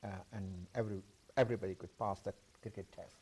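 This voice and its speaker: A man guest in a studio discussion, speaking haltingly with apologetic asides. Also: on the low side, fairly even intonation, a little mellow, husky.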